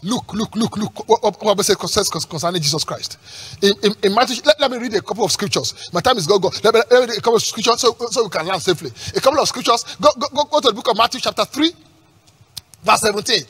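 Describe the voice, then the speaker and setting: A pastor preaching a sermon with emphatic call-and-response questions, repeating words and breaking into shouts at the peaks. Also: male voice, high-pitched, expressive, fast, breathy edge.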